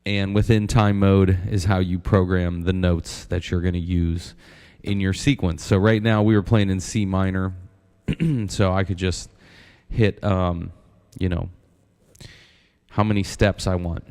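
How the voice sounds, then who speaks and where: A man's voice: low voice, fairly even intonation, unhurried, a little mellow. A man giving a casual synth tutorial, counting steps aloud and often asking "right?". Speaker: synth instructor.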